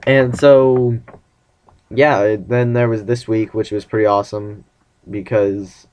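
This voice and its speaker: A man's voice: on the low side, steady tone, slow pace, pauses often, dull audio, a little hiss or hum. A teenage boy vlogging casually about his relationship, rambling and acting out the lines of the conversations he retells. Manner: rambling, acts out quoted dialogue. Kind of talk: casual personal vlog.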